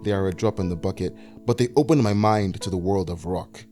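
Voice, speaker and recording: A man in his twenties from Nigeria, narrating a reflective personal video essay in a soft-spoken way. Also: low-pitched, brisk, over music. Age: 20s.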